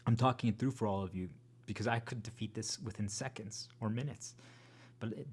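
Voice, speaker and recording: A man hosting his own channel, talking to viewers in an earnest, rambling, unscripted monologue full of restarts, sometimes dropping to a hushed whisper. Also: lowish voice, a little hiss or hum. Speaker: channel host.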